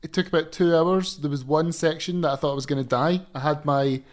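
A man's voice: on the high side, fairly even intonation, brisk. A man co-hosting a podcast in casual chat, teasing with dry humor. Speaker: podcast co-host.

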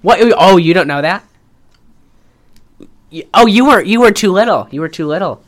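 A woman's fairly low voice moves at normal speed as she co-hosts a podcast. She retells a film animatedly in casual talk, with frequent laughter and plenty of swearing.

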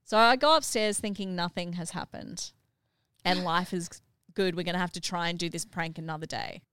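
A middle-aged woman hosting a family podcast, animated and laughing as she retells a family story. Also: lowish voice, fairly quick, clean tone, dry recording, studio quality. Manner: animated, acts out what others said, laughs while telling. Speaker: podcast host and mother.

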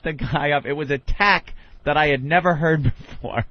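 A male co-host with an ordinary mid-pitched voice tells stories with a dry, sardonic edge in easygoing studio banter. It comes through muffled, with the dull top end of a radio broadcast. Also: moderate pace, hardly any pauses, dry recording. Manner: wry, sardonic storyteller. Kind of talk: casual radio talk show banter.

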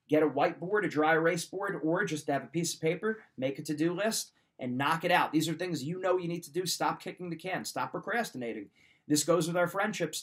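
A man's voice: on the high side, fairly bright tone. Man coaching in a direct, repetitive way. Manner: direct, coaching, repeats key points. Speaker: podcast host giving life advice. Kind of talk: motivational talk.

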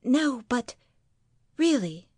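An anxious young wife, earnest and pleading, her voice lifting high and swinging widely between lines as a woman reads her aloud. The delivery is slow and measured, and the sound is close and dry. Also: big pitch swings, darkish tone, slightly rough, no echo, exaggerated voice.

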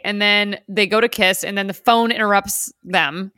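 A woman co-hosting a podcast, chatting casually about a movie, animated and giggly, acting out lines. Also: medium pitch, normal speed, hardly any pauses, no room sound, clean studio sound. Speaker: podcast co-host. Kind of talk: casual chat recapping a movie.

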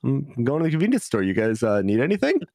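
A man's voice: medium pitch, huge pitch swings, fast, vocal fry, darkish tone, no echo, clean studio sound. A man hosting a casual anime podcast, joking and recapping episodes with frequent laughs. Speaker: podcast host.

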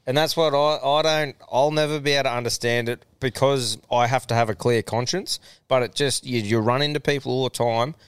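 An Australian man hosting a podcast in a loose, easygoing chat, swearing freely and laughing often. His voice is smooth and resonant, recorded close and dry with no room sound. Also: mid-range voice, steady tone, fairly quick, hardly any pauses, dry recording. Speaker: podcast host. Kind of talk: casual chat.

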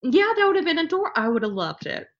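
A woman's voice: high voice, very animated, quick pace. Blunt sarcastic woman, dull audio. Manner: blunt, sarcastic, swears freely. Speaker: podcast co-host. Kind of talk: casual chat.

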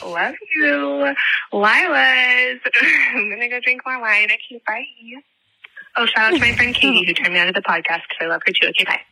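A woman's voice: on the high side, moderate pace, vocal fry, sharp tone, rough recording. A woman in her late twenties leaving a rambling, giddy voicemail while a bit drunk, full of fillers. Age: 20s. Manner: giddy, chatty, lots of fillers. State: tipsy. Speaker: voicemail caller.

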